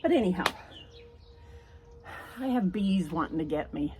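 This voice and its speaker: A woman's voice: fairly low pitch, expressive, measured pace, a little mellow, a little hiss or hum. An older woman chatting in a homespun way as she walks outdoors through a backyard, filming on a handheld phone. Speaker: home and garden vlogger. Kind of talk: casual walk-through vlog.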